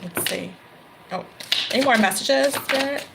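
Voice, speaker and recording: A woman's voice: a little high, measured pace, creaky, heavy background noise. A woman giving a casual tarot reading, chatty, laughing often and correcting herself mid-sentence. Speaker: tarot reader. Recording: card shuffling and clicks behind voice.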